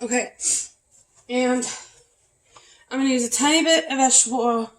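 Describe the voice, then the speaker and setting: Higher-voiced mom talking thru cooking dinner, kinda out of breath, echoey kitchen w/ oil sizzling. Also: female voice, moderate pace. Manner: chatty, talks while cooking, uses "y'all". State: out of breath from back pain. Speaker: cooking vlogger. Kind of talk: casual cooking vlog narration. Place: home kitchen. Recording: echoey kitchen with frying noise. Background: frying and sizzling.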